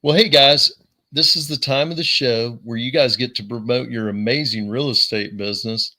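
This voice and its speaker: A man hosting a podcast, relaxed and chatty, with lots of fillers. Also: medium pitch, normal speed. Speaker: podcast host. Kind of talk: casual podcast chat.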